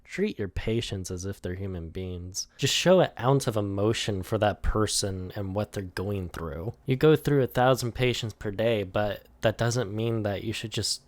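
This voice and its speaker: Low-voiced young man rambling and laughing. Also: expressive, moderate pace, few pauses, no room sound. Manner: rambling and laughing often, swearing, heavy use of "like". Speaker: animator walking through his storyboards. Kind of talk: casual storyboard commentary.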